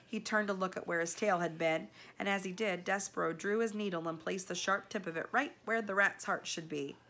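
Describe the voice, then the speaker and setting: Woman reading a storybook aloud. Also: mid-range voice. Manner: measured, expressive storytelling. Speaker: storybook reader. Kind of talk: read-aloud chapter book narration.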